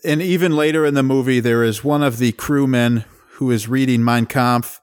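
A man's voice: mid-range voice, fairly even intonation, normal speed, smooth, dry recording, studio quality. A man co-hosting a podcast, chatting casually about a film in a laid-back way. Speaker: podcast co-host. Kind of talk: casual chat recapping a film.

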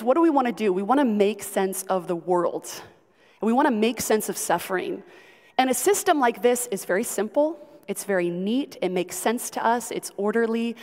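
Woman Bible teacher, mid-pitched, casual and talkative with the group, with a long hall reverb behind her voice. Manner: chatty, asks the audience questions, frequent ums.

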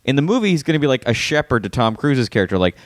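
A man co-hosting a podcast in casual chat, telling stories in quick bursts and acting out quotes. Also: medium pitch, dry recording, clean studio sound. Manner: animated storyteller, quick bursts, acts out quotes. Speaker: podcast co-host.

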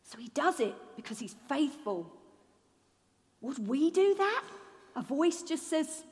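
A woman preaching a sermon in a lively, humorous way, acting out the people she talks about. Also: sits high, a little slow, long pauses, long reverb tail. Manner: lively, humorous, acts out voices.

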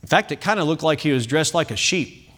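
High, bright-voiced preacher. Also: male voice, lively intonation, fairly quick. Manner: emphatic preaching with wide swings in loudness; conversational asides and self-corrections. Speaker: pastor. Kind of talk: sermon.

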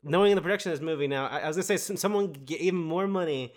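A man's voice: a little high, racing. A man co-hosting a casual movie podcast, wry and chatty. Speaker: podcast co-host. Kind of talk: casual movie review chat.

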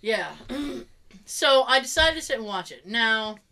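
Lively Boston woman telling stories. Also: fairly high pitch, unhurried. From Boston area. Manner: animated storyteller, laughs often, acts out quotes. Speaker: podcast co-host. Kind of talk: casual chat.

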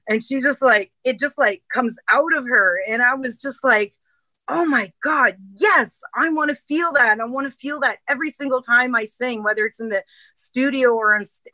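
A middle-aged woman, a singer talking on a radio show. Her voice is bright and forward, and the sound is close and dry. She talks earnestly, circling back with restarts and fillers. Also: a little high, no room sound, rough recording. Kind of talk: casual interview talk.

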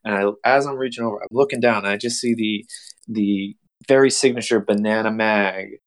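Podcast host, young man, low voice, animated storyteller who acts out dialogue. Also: a little fast. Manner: animated, acts out quotes with big pitch jumps. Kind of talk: casual storytelling.

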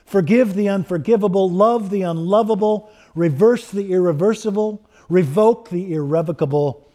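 A male preacher with a mellow, slightly high voice delivering a sermon. He speaks earnestly and rises into fervent prayer. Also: normal speed.

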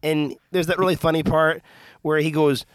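A man with a somewhat high voice teases his co-host and fires off quick questions in casual chat. He is recorded close and dry. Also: level tone, smooth, no room sound. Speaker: podcast co-host. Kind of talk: casual chat about comics.

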